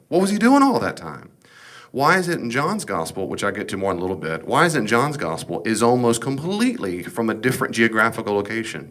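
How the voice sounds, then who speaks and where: A man's voice: mid-range voice, fairly bright tone. A man teaching a Bible study as pastor, talking emphatically and casually, full of rhetorical questions.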